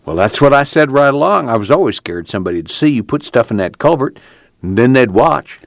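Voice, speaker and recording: A man's voice: medium pitch, big pitch swings, brisk, creaky, dry recording. A man playing a brooding young fugitive. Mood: rueful. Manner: folksy rural dialect, thoughtful and plainspoken. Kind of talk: audiobook character reading.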